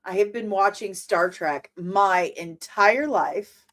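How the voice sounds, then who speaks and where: A woman in her forties hosting a casual reaction to a trailer, animated and exclamatory with mock outrage. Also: medium pitch, slow pace. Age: 40s.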